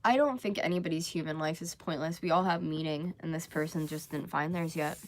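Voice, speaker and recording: A woman's voice: low voice, brisk, a little hiss or hum. Young woman, rambling live-stream chat. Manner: rambling, candid, with many fillers and restarts. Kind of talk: casual live-stream talk to viewers.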